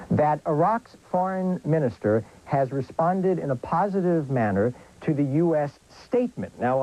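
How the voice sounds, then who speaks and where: Brief: male TV correspondent, mellow, measured live report, careful recaps, old videotape sound. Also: medium pitch, rough recording. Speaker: news correspondent. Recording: worn videotape of a TV news broadcast.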